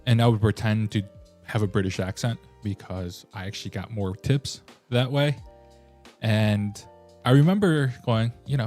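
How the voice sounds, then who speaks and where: A man's voice: lowish voice, moderate pace, a little mellow, faint music behind. A man hosting a reaction video, ranting animatedly in a casual way and slipping into mocking voices. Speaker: host.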